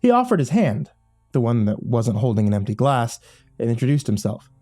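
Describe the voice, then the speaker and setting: A man's voice: mid-range voice, big pitch swings, a little fast, mellow, soft background music. A man narrating a first-person horror story in a wry, dry audiobook style.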